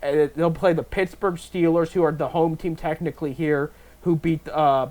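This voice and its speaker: A man in his thirties hosts a relaxed sports talk segment, reading out game times and picks. His voice sits a little high for a man, and he stumbles, restarts and drops "there you go" as a filler. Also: moderate pace. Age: 30s. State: talking with a stuffed face. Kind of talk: casual sports picks chat.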